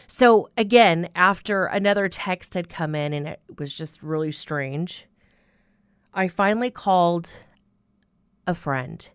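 A woman's voice: lowish voice, a bit bright, clear, resonant tone, no echo, studio quality. A woman hosting a Christian radio show, telling a personal faith testimony in an earnest storytelling way, with frequent fillers like "you know".

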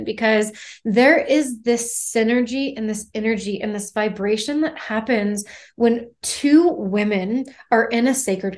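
Heartfelt woman host of an interview podcast, mid-range voice, sometimes slows down. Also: medium pitch, darkish tone.

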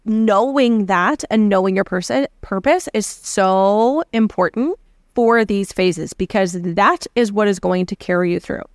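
A woman talks through a solo podcast episode in an earnest, conversational coaching manner. Her voice sits at an ordinary middle pitch. The sound is dry and close, with no room around it. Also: no room sound. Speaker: podcast host.

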